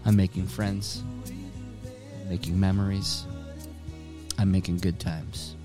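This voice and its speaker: A man's voice: low-pitched, flat delivery, slow, music in the background. A man hosting his own podcast from home, rambling casually with lots of swearing and self-directed jokes. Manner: profane, rambling, joking with himself. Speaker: podcast host.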